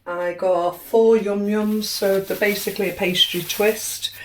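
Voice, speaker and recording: A woman's voice: medium pitch, steady tone, unhurried. Chatty woman in a roomy echo. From United Kingdom. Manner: chatty, cheerfully tallying prices and savings. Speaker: vlogger. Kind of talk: casual grocery haul vlog. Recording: roomy echo, distant mic, faint noise.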